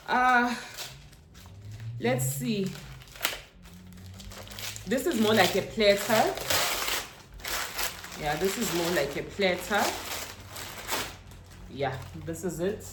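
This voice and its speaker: A woman's voice: mid-range voice, slow, long pauses, noisy background. Chatty South African woman vlogger. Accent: South African, Zulu-inflected English. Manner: chatty, mixes in Zulu words, bursts up in excitement. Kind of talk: casual haul unboxing chat. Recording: roomy echo with faint ambience.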